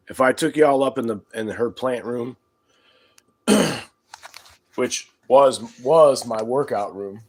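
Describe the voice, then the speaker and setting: A man hosting his homestead channel, chatting casually and crudely with viewers in a relaxed, rambling drawl. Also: on the low side. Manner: relaxed drawl with loose grammar and fillers. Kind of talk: casual livestream chat with viewers.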